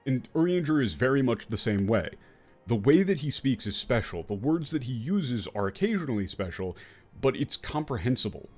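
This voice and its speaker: A man's voice: mid-range voice, moderate pace, soft background music. A man commentating casually while playing a game, rambling with fillers and swearing. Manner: animated, profane, rambling with many fillers. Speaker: gaming streamer.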